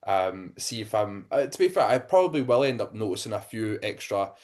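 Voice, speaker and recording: A man's voice: fairly low pitch, sing-song, fairly quick, darkish tone. A man with an Irish accent co-hosting a podcast as a physique coach, speaking hesitantly with many ums and restarts. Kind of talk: casual chat.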